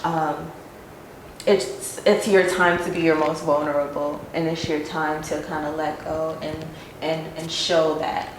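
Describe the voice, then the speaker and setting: A woman's voice: sits low, level tone, a little slow. A woman hosting a podcast, affirming and earnest as she speaks about faith and healing. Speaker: podcast host. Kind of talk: encouraging spiritual conversation. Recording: roomy sound with faint noise.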